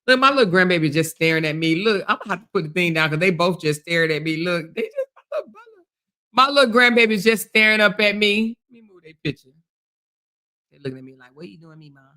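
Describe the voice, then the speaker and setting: A middle-aged woman hosting a livestream, trash-talking with loud profanity and taunts while she exercises her arms. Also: fairly low pitch, expressive, quick pace. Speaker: livestream commentary host.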